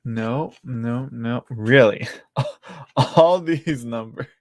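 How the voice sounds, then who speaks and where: Drawing out his words in a mid-range voice, a tarot reader streams live from indoors at home. He keeps up a casual chat with his audience, often laughing and talking to himself through the cards, and there's no echo.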